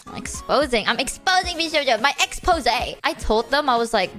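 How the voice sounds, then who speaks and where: Animated high-voiced woman streamer. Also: fairly quick, hardly any pauses, faint music behind. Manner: animated slangy storytelling. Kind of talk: casual stream chat.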